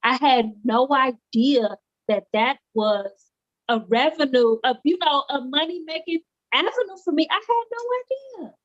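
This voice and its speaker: A woman's voice: high-pitched, unhurried, dry recording, muffled recording. A woman who owns a homecare business, talking earnestly in a casual interview and repeating phrases for emphasis. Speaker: homecare business owner, guest. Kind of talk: casual live interview chat.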